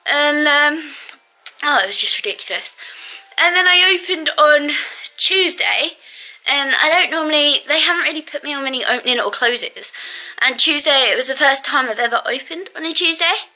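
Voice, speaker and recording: A woman chats to camera and vents about her day, with plenty of fillers and bursts of laughter. Her voice sits high and has a bright, sharp edge. She sounds exasperated and talkative throughout. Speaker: vlogger. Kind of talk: casual storytelling to camera.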